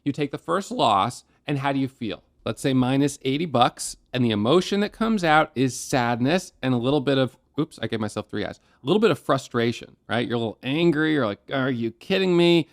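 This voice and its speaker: A man's voice: mid-range voice, expressive, fairly quick, hardly any pauses. A man who teaches day trading, giving a conversational recap of his trades at his desk with analogies and acted self-talk.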